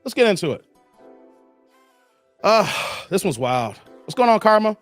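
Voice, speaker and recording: A man's voice: high-pitched, measured pace, faint music behind. A man hosting a livestream, talking bluntly and casually to his chat. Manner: animated, blunt, talks straight to chat. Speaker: livestream host.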